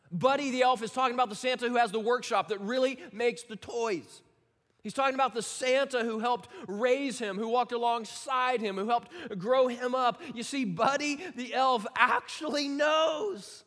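A man with a high voice preaches a sermon in a church sanctuary. He talks in an animated, emphatic way, swings from shouts to near-hushed lines, and stumbles into repeated words. His voice trails off into a long hall echo. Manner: repeats words and restarts often. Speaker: pastor.

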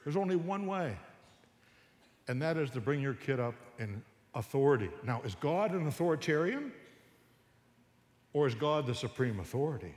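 A man giving a humorous talk on Christian parenting to a church audience, an animated storyteller who acts out parents and kids. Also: on the high side, moderate pace, long pauses, in a large hall.

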